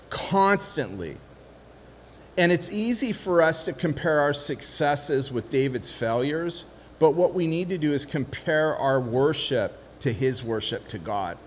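Man, pastor, lively conversational sermon, long reverb, faint room noise. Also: on the high side. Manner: lively, conversational, acts out voices of others. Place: church hall.

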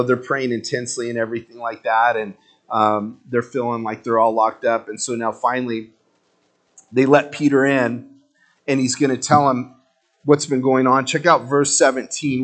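Male preacher, mid-pitched, informal and animated storyteller, slangy delivery. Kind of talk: informal sermon.

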